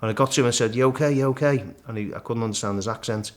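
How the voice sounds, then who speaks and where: A middle-aged man, a guest in a casual interview, vividly retelling his climb and acting out the shouts and thoughts along the way. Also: mid-range voice, rapid-fire. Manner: animated storyteller, acts out his own shouts and thoughts. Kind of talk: storytelling in casual conversation.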